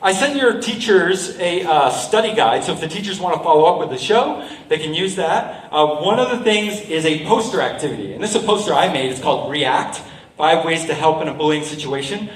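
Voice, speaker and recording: A man's voice: a little high, expressive, fairly quick. A middle-aged man performing a school assembly show, upbeat and quizzing the young crowd. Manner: upbeat, quizzes the crowd, acts out quoted lines. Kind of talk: talking to a school audience. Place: school hall. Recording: echoey hall, from far off.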